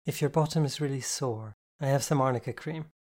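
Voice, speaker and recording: A male audiobook reader voicing a playful, affectionate woman who teases softly. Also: mid-range voice, a little fast, close to an everyday voice. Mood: teasing. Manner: teasing, soft and fond. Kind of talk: audiobook character reading.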